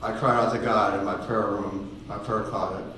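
A man's voice: on the low side, fairly even intonation, pushed and bright. Man in his 80s, echoey distant hall. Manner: halting, repeats words, folksy storytelling. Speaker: guest speaker giving testimony. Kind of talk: personal testimony sermon. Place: ministry meeting room with audience. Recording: very echoey hall, distant mic, faint noise.

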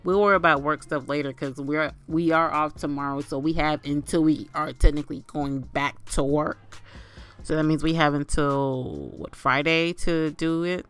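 A woman's voice: low voice, fairly even intonation, normal speed, smooth. A woman casually commentating her life-sim gameplay and chatting to her game characters as if they were family. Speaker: gaming channel host.

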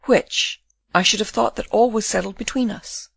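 A woman voicing a condemned young Dutch man who speaks calmly, tenderly and gravely. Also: medium pitch, moderate pace, dry recording.

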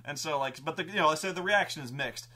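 A man's voice: a little high, quick pace, bright, forceful tone. A man telling a rambling, profane story about a tabletop campaign he ran as game master.

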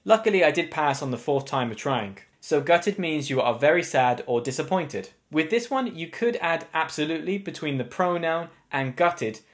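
British man teaching slang, higher voice. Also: animated, normal speed, few pauses. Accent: British English. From England. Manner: clear explaining, wry asides. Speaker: English teacher. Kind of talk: scripted slang lesson.

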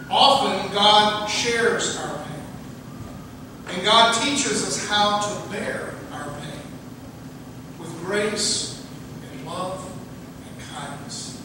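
A man in his forties preaching an earnest sermon, slowing to stress key words. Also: sits high, background noise. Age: 40s. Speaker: pastor. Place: large church sanctuary. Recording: echoey hall from far off.

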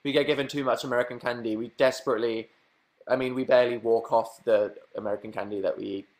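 A man's voice: mid-range voice, fairly even intonation, fast talker, a little mellow. Playful young southern English man. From southern England. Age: young adult. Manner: playful, self-mocking, bursts into silly sing-song noises. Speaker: livestream host. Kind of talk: casual livestream chat answering viewer questions.

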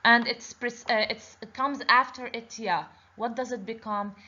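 A woman's voice: on the high side, steady tone, normal speed, bright, forceful tone. A woman teaching a children's lesson on letters, patiently repeating each word and asking the class questions. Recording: dull lo-fi recording.

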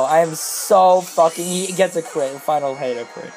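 A young adult player commentating their own competitive game battles, muttering quick strategy and breaking into swearing, exasperated outbursts over bad luck. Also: medium pitch, darkish tone, soft background music, rough recording. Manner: rushed, mumbled strategy talk between outbursts. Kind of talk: gameplay commentary.

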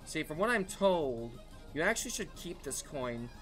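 A man streaming a racing game live, chatting with his viewers in an excitable, talkative way and laughing often. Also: fairly high pitch, moderate pace. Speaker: gaming streamer. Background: faint background music.

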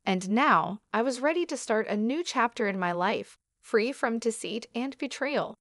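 A woman narrating a first-person story in a calm, measured way. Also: fairly high pitch, dry recording, clean studio sound.

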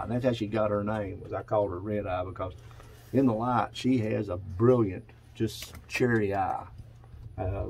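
A man's voice: fairly low pitch, vocal fry, darkish tone, a little hiss or hum, low-quality recording. A man in his seventies with a Kentucky accent, a pigeon breeder rambling through a casual walkthrough of his loft, full of fillers and repeats. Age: 70s. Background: pigeons cooing.

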